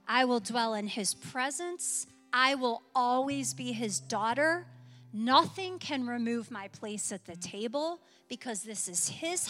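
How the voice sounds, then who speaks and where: A woman's voice: high voice, bright, forceful tone, big-room sound. A woman pastor preaching a sermon in a church, with impassioned, emphatic repetition, then closing in prayer. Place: church sanctuary.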